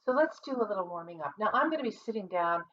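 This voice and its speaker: A woman who is a music teacher and conductor, calmly explaining vocal technique in an online singing lesson, seated at her computer. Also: mid-range voice, fast, a little hiss or hum. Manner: calm, explanatory, practical. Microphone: computer mic. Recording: distant, dull lo-fi computer audio.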